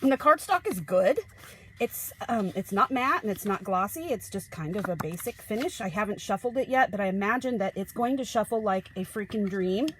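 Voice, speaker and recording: A woman from the Ozarks, reviewing a tarot deck in a rambling, chatty way, often cutting herself off and gushing with excitement. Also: mid-range voice, moderate pace, a little hiss or hum. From Ozarks, United States. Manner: chatty, rambling, self-interrupting; gushing exclamations. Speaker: tarot reader.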